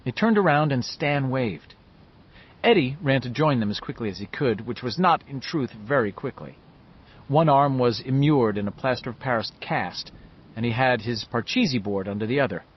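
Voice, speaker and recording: A man narrates a novel in scripted audiobook style, his delivery lively and full of movement. His voice is husky. The recording sounds dull and lo-fi. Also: medium pitch, moderate pace.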